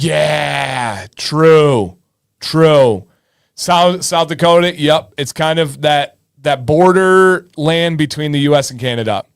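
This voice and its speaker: Chatty Michigan man hosting a livestream. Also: fairly high pitch. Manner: chatty, answers viewers by name. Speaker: livestream host. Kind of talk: casual livestream chat reading viewer comments.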